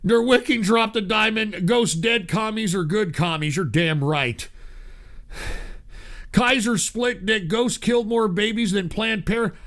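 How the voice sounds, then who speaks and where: A man's voice: sits high, a little slow. A slightly drunk man hosting a show, ranting angrily and swearing at his audience. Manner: yelling, swearing, bitter rant. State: tipsy. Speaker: show host. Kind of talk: angry profane rant to an online audience.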